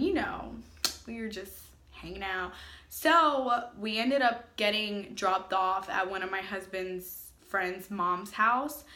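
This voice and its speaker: In a roomy-sounding storytime vlog, a young adult family vlogger talks in a mid-range, bright voice with a forceful tone. She's chatty and casual, leaning heavily on filler words, especially "like."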